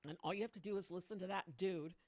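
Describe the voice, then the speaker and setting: A woman's voice: fairly low pitch, fast talker. A woman on a livestream ranting about politics into her microphone on a stand, rambling and mocking as she talks to her viewers. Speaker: political commentator streaming to viewers. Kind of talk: casual political rant on a livestream. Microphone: own microphone on a stand.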